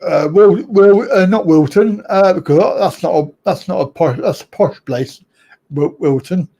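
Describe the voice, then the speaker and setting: A man hosts a casual live-stream chat in an unhurried drawl. His voice sits fairly high yet sounds soft and mellow, and he rambles, second-guesses himself and ribs his viewers with a chuckle. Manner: rambling, chuckling, self-correcting, teasing viewers. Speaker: host of a live chat show.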